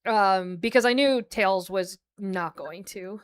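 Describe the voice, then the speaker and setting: A woman's voice: medium pitch, slow, clean tone. A young American woman chatting casually on a livestream as a VTuber, rambling with lots of fillers and frequent laughter. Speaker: VTuber streamer.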